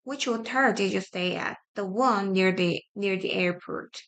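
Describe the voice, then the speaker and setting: A woman whose first language is Korean, reading simple grammar practice sentences aloud, repeating each one with halting restarts. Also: mid-range voice, fairly bright tone. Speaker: study-with-me streamer.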